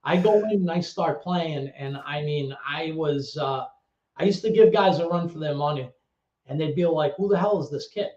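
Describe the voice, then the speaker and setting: A middle-aged man from the Bronx, telling stories in a casual interview, animated and swearing freely as he acts out other people's voices. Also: fairly high pitch, normal speed. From the Bronx, New York. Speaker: guest, former actor and DJ. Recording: echoey room, dull lo-fi sound.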